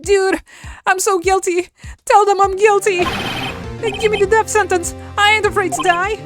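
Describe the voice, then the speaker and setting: A woman's voice: very high voice, fairly even intonation, moderate pace, over music, pitched above the performer's own voice. Woman doing a wailing, hysterical young man. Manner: wailing, shouting melodramatically. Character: frantic heartbroken young man, hysterical best friend.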